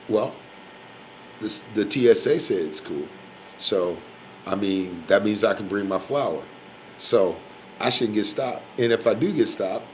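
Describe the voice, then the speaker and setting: A man's voice: sits low, slight background noise, poor audio. A man hosting a live community radio show in a loose, casual way, rambling with lots of fillers. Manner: rambling, filler-heavy, shout-outs.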